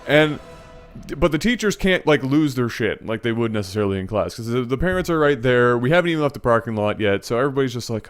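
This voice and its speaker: A man hosting his channel, telling a funny personal story in an animated, playful way, often correcting himself mid-sentence. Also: medium pitch, fast talker, smooth, faint music behind. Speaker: channel host. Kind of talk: storytelling vlog.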